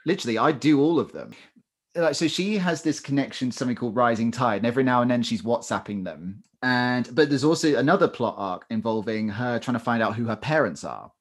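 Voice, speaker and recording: A man's voice: mid-range voice, expressive, brisk, slightly rough. A man co-hosting a podcast, chatting casually and joking about a TV show. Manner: jokey, chatty, laughs often. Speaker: podcast co-host. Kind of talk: casual chat.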